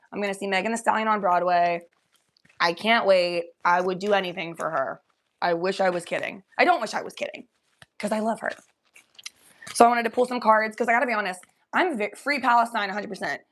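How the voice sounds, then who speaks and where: A young woman hosting a casual livestream from her room at home, talking loosely, high and coughing from smoke. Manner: loose, chatty, often coughing between lines. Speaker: livestream host. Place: home bedroom.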